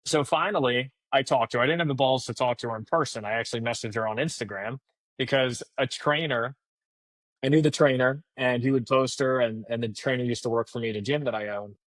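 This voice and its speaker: A man's voice: medium pitch, fairly quick, fairly bright tone, no room sound. A man in his thirties, a podcast guest telling stories in a casual, chatty way with many fillers. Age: 30s. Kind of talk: casual storytelling interview.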